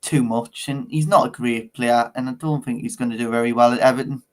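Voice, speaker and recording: A man chats about football transfers in an easygoing way. He teases his co-host and laughs often. His voice sits at an ordinary middle pitch. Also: steady tone, fairly quick. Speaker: co-host of football talk show. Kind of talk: casual chat.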